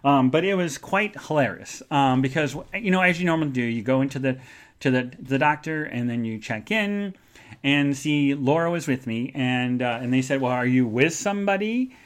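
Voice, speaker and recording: A man's voice: medium pitch, normal speed. A man hosting a live podcast show, telling a rambling story in a chatty way with lots of fillers. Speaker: podcast host.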